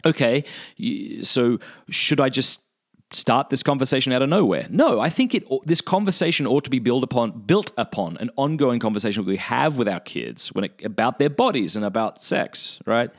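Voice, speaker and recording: A man giving parenting advice in a casual, animated talk to listeners. His pitch often jumps up when he quotes what he said. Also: normal speed.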